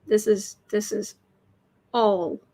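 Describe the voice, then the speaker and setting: A woman's voice: medium pitch, steady tone, takes it slowly, dark tone, rough recording. A woman hosting a casual tarot livestream from a room indoors, chatting loosely with many restarts and reading out viewer comments. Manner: chatty, frequent restarts and repeated words. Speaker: tarot reader and livestream host.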